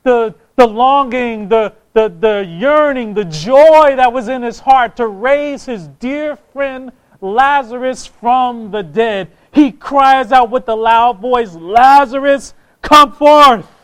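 A man's voice: very high-pitched, slow, hardly any pauses, smooth, rough recording. A man preaching a sermon, impassioned, reading scripture aloud and repeating phrases for emphasis.

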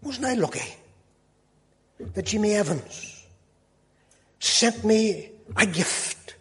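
A man's voice: high voice, expressive, slow, fairly bright tone. A man in his sixties telling a personal testimony with folksy, self-mocking humour. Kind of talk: storytelling testimony. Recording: long hall reverb.

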